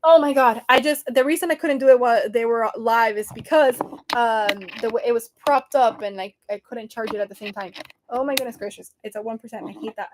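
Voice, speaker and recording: A woman's voice: on the high side, brisk, noisy background. A woman hosting a casual livestream from her phone, chatty and flustered, laughing often. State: sweating and flustered. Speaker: livestream host.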